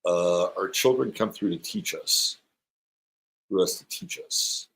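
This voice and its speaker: Middle-aged male astrologer host, a bit low-pitched, loose and joking as he reads out chat comments. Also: measured pace, a bit bright, poor audio. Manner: rambling, playful, reads viewer comments aloud. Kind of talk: live-stream chat with viewers.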